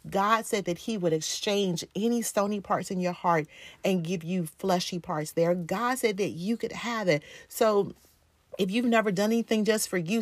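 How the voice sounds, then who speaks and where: A woman giving an earnest devotional talk to women, encouraging and repetitive, slowing down to stress her points. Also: fairly low pitch, no room sound. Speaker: Christian women's speaker.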